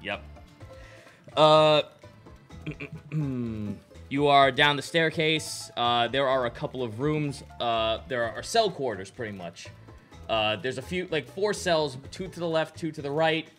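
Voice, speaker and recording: A man narrates a tabletop game as game master. His voice is bright and forward, his talk loose and full of fillers. Faint music plays underneath. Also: mid-range voice, slow.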